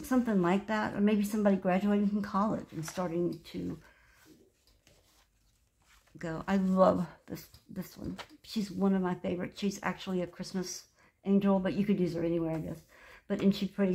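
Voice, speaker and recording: A woman's voice: mid-range voice, mellow. A woman in her sixties chatting casually as she shows off a handmade journal, gushing and meandering as she goes. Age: 60s. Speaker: craft vlogger. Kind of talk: casual craft show-and-tell.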